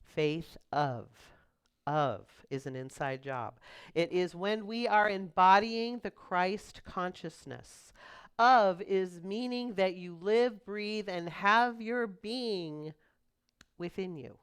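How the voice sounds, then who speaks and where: A middle-aged woman minister giving a chatty, storytelling sermon with quick asides. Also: mid-range voice, clean tone. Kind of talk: conversational sermon.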